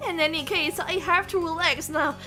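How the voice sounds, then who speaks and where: A woman's voice: extremely high pitch, steady tone, normal speed, bright, forceful tone, soft background music. A woman reading aloud the lines of a nervous, eager young male exchange student in a game, stumbling a little over the words. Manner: reads narration and lines aloud, stumbling and giggling over them.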